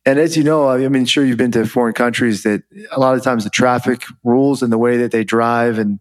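Male guest, mid pitch, relaxed storyteller, loose and chatty. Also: a little fast. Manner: relaxed, chatty, many fillers. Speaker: guest, former Army officer. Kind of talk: interview storytelling.

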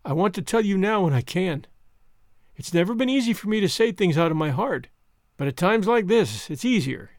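A man reading the part of a strict older woman who speaks with plain, halting tenderness, in a dry, close recording. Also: high-pitched, lively intonation, a little mellow, no room sound. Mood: tender. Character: stern older woman, softening with love.

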